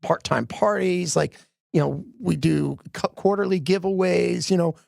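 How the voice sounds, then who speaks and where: A man's voice: sits high, measured pace, gravelly, a little mellow, dry recording, studio quality. A middle-aged man from the Philadelphia area, an arena president telling stories in a casual interview, full of "you know" fillers and acted-out quotes. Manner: chatty, many "you know" fillers, acts out quoted dialogue. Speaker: arena president and general manager.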